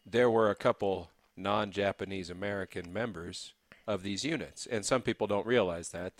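Low-voiced male interviewer, gentle follow-ups. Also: no room sound. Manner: gentle, prompting follow-up questions. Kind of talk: oral history interview.

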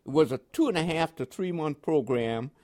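An older Panamanian man with a voice on the high side speaks at a normal speed. Animated and often chuckling, he relates his life story in an oral history interview, his New York accent tinged with West Indian inflections.

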